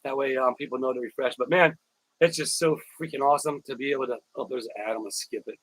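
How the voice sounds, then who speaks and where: A man's voice: medium pitch, fast, fairly bright tone, husky, poor audio. A man hosting a casual live stream, rambling, repeating words and thanking viewers by name. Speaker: YouTuber live-stream host.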